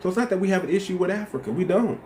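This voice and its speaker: A man's voice: sits high, animated, rapid-fire. Guy hosting a stream, fired up and repeating himself, faint hum behind. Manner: impassioned, repetitive, rhetorical questions. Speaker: host. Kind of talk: casual livestream commentary.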